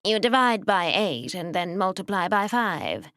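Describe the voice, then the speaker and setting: A woman voicing a dull male post office clerk with a whining nasal voice, speaking slowly and pedantically. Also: mid-range voice, very animated, fairly bright tone, dry recording, pitched above the performer's own voice. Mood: pedantic. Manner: slow, pedantic, helpful.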